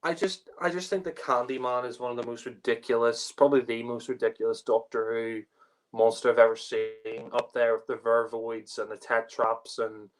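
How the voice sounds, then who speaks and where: With a steady tone, mid-range voice, and moderate pace, a man co-hosts a podcast, casually reviewing a TV story. His talk rambles with frequent fillers, laughter, and swearing.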